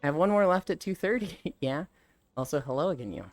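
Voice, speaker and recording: Joking young woman livestreamer, lively pitch. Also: brisk, faint music behind. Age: young adult. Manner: loose, joking, laughs a lot. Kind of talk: casual livestream chat.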